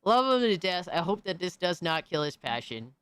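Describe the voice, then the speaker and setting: A woman livestreamer in casual, profane chat, excitably reacting to videos and thanking viewers by name. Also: lowish voice, moderate pace, smooth, no room sound.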